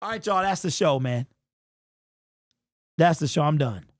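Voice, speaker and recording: A young man hosting a fan livestream postgame show, talking excitedly and casually to his chat in slang. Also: on the high side, a little slow, dry recording, clean studio sound. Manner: excitable, slangy, talks straight to the chat with lots of "bro".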